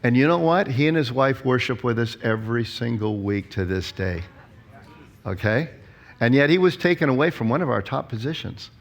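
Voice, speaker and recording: Pastor guy in his 60s giving a talk, tells lots of stories, acts out quotes, pretty lively. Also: mid-range voice, moderate pace. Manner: storytelling, animated, acts out quotes.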